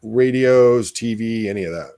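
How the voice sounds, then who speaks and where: A man's voice: medium pitch, normal speed, mellow, no room sound, studio quality. A man hosting a casual talk show, rambling with many fillers and restarts. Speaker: podcast host. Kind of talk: casual chat.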